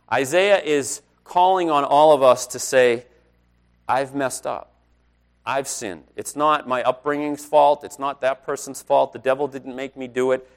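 A middle-aged man, a pastor, preaching a conversational sermon and telling personal stories, growing louder on key points. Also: a little high.

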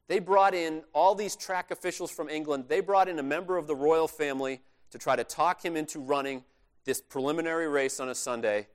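A man's voice: a little high, fairly quick. A male pastor preaching a sermon in a conversational, earnest way, stressing his key points.

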